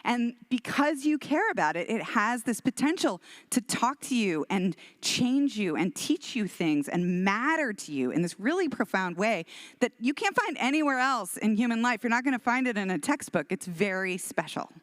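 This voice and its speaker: A middle-aged woman from Houston, giving a storytelling keynote in an animated, self-deprecating way. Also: a little high, normal speed, no echo. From Texas, Houston. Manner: animated, self-deprecating, acts out quoted voices. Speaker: keynote speaker, author.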